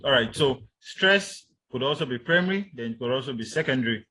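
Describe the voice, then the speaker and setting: Man giving a slow, filler-laden lecture. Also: medium pitch, fairly bright tone, low-quality recording. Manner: deliberate, many fillers, repeats key points. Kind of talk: university lecture.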